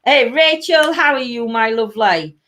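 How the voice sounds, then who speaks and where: A woman's voice: on the high side, lively intonation, moderate pace, a bit bright. A woman with a South Yorkshire accent hosting a casual live-stream chat, reading viewer comments aloud and calling everyone "my lovely". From Sheffield, England. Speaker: host of a weekly chat show.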